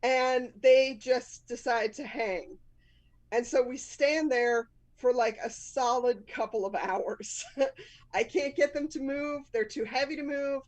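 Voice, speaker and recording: A woman's voice: sits high, slow pace, rough recording. A woman in her fifties with a Boston accent, hosting a live storytelling show, telling a personal story candidly and laughing often at herself.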